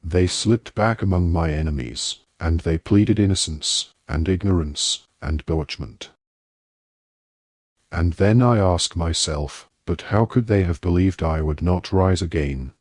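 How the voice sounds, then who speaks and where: Guy reading as a soft-spoken menacing dark lord, deep husky voice, audiobook. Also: a little slow, dry recording, studio quality.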